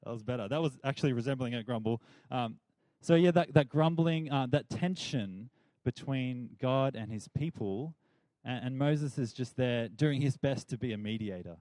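A man's voice: medium pitch, moderate pace, dark tone, dry recording. A young man giving a chatty, playful Bible talk to a youth group and leading them in call-and-response.

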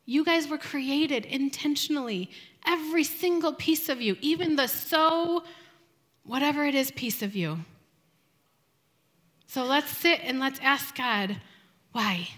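Young female speaker, earnest and unhurried, high-pitched; devotional group talk. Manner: soft, slow, earnest, with reflective pauses.

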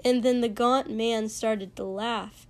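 Woman reading a story out loud, slow and steady, kinda high voice. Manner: unhurried, measured. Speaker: narrator. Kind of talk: reading fiction aloud.

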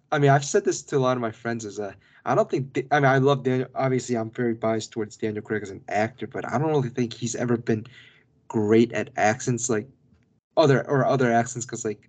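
A man's voice: medium pitch, a little mellow. Rambling male podcast co-host. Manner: rambling, with many restarts and asides. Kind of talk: casual film review chat.

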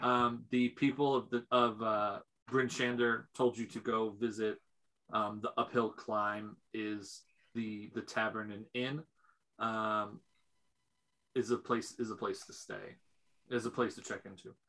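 A game master narrating a tabletop game, hesitant with frequent pauses and fillers. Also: mid-range voice, flat delivery, a bit bright. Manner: hesitant, lots of "um".

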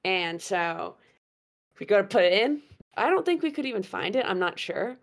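A young woman telling a story in casual chat, animated and laughing, with plenty of fillers. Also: medium pitch, normal speed, vocal fry. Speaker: guest storyteller.

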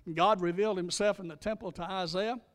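A male pastor delivering a sermon with emphatic preaching, slowing down and speeding up to stress his points. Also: high-pitched, fairly even intonation, long reverb tail.

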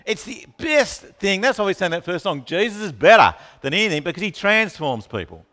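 Fast and high-sitting, this man's voice drives an animated sermon in which he asks the congregation questions and picks out listeners by name. Long reverb from the hall fills the recording.

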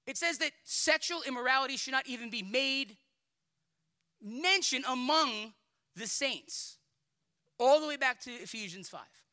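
A man preaching a sermon as pastor, pleading and emphatic, dropping into casual asides and repeating himself when he builds up steam. His voice sits fairly high and rings with a very bright, forceful, cutting edge. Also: expressive, a little slow, long pauses. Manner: colloquial asides and repeated words.

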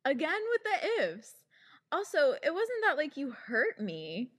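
A young woman hosting a casual podcast, venting with sarcastic exasperation and frequent swearing. Her voice sits a little high, and she takes her time. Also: huge pitch swings, measured pace, a bit bright. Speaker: podcast host.

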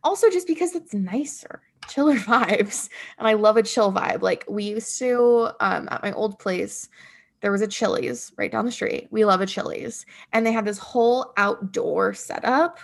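A young woman in her twenties talks in a relaxed, chatty way, often laughing at herself. Her voice has a noticeable creaky fry at the ends of phrases, and she pads her talk with fillers. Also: medium pitch, moderate pace. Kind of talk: casual chat.

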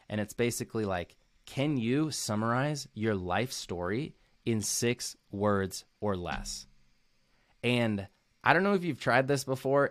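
A man's voice: fairly low pitch, fairly bright tone, no echo. A young man giving an earnest, casual recap to camera as a motivational coach, often using "like" as a filler and repeating key phrases.

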